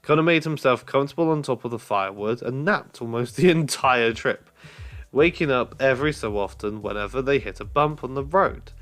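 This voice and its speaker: A man's voice: medium pitch, a little fast, a bit bright. A man casually reading a storybook aloud, laughing at his own slips and restarting lines. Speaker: reader of a children's book. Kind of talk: casual read-aloud narration.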